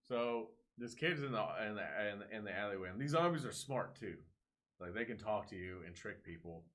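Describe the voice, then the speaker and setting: Animated young man ranting casually. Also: on the low side, a little fast. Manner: animated storyteller, swears a lot, acts out voices. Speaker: podcast co-host. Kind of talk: casual chat.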